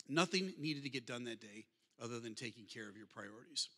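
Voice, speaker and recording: A man in his fifties tells funny stories to a crowd, talking fast with a bright, forceful voice. He keeps turning to his listeners in a warm, conversational way. His voice rings with the long reverb of a big hall. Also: mid-range voice. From Michigan, USA. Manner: humorous, conversational, addresses the audience directly. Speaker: guest speaker. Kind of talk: storytelling talk.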